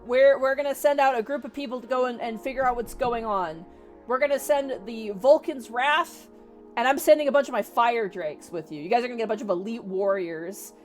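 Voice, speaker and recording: A woman's voice: a little high, brisk, soft background music, natural voice. A woman voicing a laid-back male commander who talks in a casual, chummy way.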